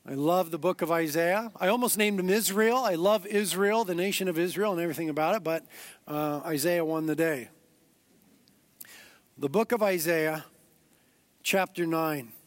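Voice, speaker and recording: Man, pastor, earnest emphatic sermon, high voice, dry recording. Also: brisk, no room sound. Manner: earnest, building to emphatic preaching.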